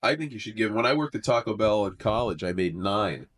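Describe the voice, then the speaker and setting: A man's voice: on the low side, expressive, brisk, a bit bright. A young adult man, a stand-up comedian, chatting on a podcast in a wry, rambling storytelling way. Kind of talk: casual podcast chat.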